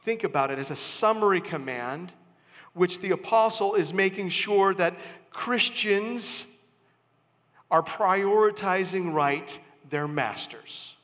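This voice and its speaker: A high-pitched man preaches a sermon at a slow, deliberate pace, leaning hard on key words and then dropping to a hush. His voice rings with the long reverb of a big church hall. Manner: slow, emphatic preaching with sudden rises and soft drops. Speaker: pastor.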